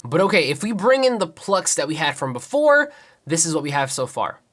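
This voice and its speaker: A young man producing music talks briskly in a sing-song, fairly high, slightly bright voice. He walks through his beat as a tutorial, counting the rhythm out loud and describing each layer while the beat plays back.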